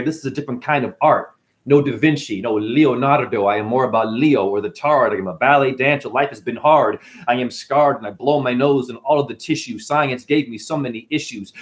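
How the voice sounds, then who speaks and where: A man delivers freestyle spoken-word rhymes, chaining puns in a restless stream-of-consciousness flow. His delivery lurches from low, quiet mutters to abrupt high-pitched bursts, his voice sitting at an ordinary male pitch in between.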